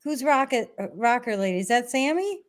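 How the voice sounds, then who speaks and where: Chatty woman livestream host, giggly, slightly high voice. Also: animated, fairly quick. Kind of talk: casual livestream chat.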